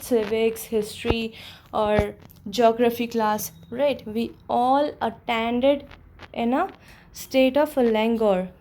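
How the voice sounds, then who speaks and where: Fast-talking Indian woman teacher. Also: fairly high pitch, warm tone, a little hiss or hum. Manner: mixes English with quick Hindi explanations, asks the class questions. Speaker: English teacher. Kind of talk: classroom lesson explaining a story.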